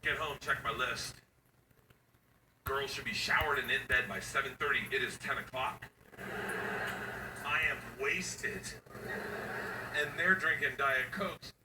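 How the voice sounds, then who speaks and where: A man doing a stand-up comedy set, loud and rowdy, acting out his kids and shouting the punchlines. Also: mid-range voice, a little slow, long pauses. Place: live comedy stage. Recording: echoey venue from far off, noisy.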